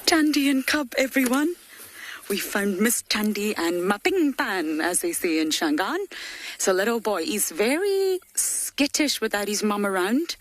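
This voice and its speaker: A woman safari guide giving lively live commentary from an open vehicle on a game drive, laughing often. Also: medium pitch, measured pace. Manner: chatty, animated, laughs often. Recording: noisy outdoor broadcast, vehicle and ambience.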